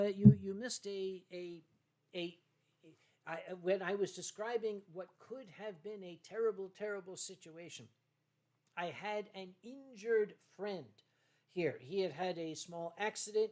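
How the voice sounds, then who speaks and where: A tipsy man hosting a casual livestream from home, rambling and halting through viewer comments with many fillers and restarts. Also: high voice. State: tipsy from wine. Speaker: livestream host.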